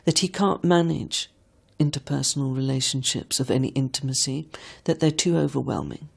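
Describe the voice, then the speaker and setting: A woman reflecting slowly and thoughtfully as a psychologist in an interview. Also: rumbling low, gravelly, husky. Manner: slow, thoughtful.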